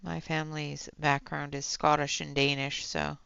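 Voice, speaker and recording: A woman from British Columbia with a Western Canadian accent, chatting casually as she colours on a livestream and talking softly while she works. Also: sits low, little pitch movement, moderate pace, creaky, clear, resonant tone, dry recording, lo-fi sound.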